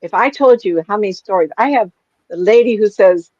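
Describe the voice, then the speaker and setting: A middle-aged psychic medium speaks at medium pitch and a moderate pace, casually chatting and telling stories as an animated storyteller who performs the voices she quotes. The sound is dry, dull and lo-fi.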